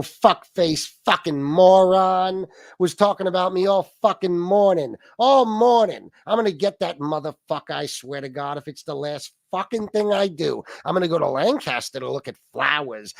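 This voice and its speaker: A man's voice: sits high, vocal fry, no echo, clean studio sound, voice pushed up. A man mimicking a furious middle-aged rival who swears and repeats insults. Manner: profane, repetitive name-calling.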